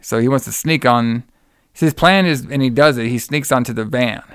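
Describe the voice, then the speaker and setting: A man in a loose, rambling podcast chat, swearing freely and laughing as he goes. His voice is smooth and resonant at a middling pitch. The sound is dry, with little room to it. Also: moderate pace, no room sound. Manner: profane, laughs often, rambling storyteller. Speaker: podcast co-host recapping a movie. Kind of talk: casual chat.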